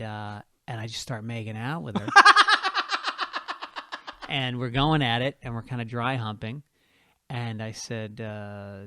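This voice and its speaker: A man, a podcast host and stand-up comedian, telling a story in casual chat with quick asides. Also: medium pitch, fairly bright tone, dry recording, clean studio sound.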